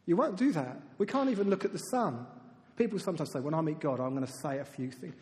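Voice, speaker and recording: Guy giving a sermon, chatty then quiet and intense, big church echo. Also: a little high, brisk, slight background noise. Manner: lively and conversational, drops to soft emphatic tones. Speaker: preacher. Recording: reverberant hall.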